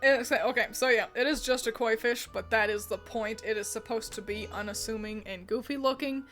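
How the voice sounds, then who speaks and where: A woman with a somewhat high voice talks through her picks in a relaxed, opinionated way. She is chatty and animated, and leans on filler words as she thinks aloud. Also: fairly quick, soft background music. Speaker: video host ranking designs. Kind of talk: casual opinionated commentary.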